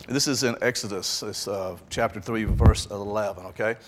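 Pastor guy preaching, chatty n lively, lapel mic, long church echo. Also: on the low side, moderate pace. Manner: conversational, animated, with asides. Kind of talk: sermon. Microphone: lapel mic on jacket.

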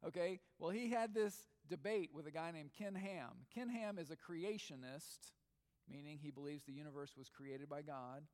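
High-voiced preacher in a reverberant hall. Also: male voice, normal speed, a little mellow. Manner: questioning, emphatic preaching. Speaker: pastor. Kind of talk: sermon.

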